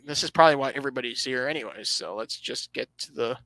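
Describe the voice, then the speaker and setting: A man's voice: medium pitch, quick pace, bright, forceful tone, a little hiss or hum, poor audio. A man hosting a casual motorsport podcast, reading out standings and giving his opinions with dry sarcasm, often restarting his phrases. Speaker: podcast host.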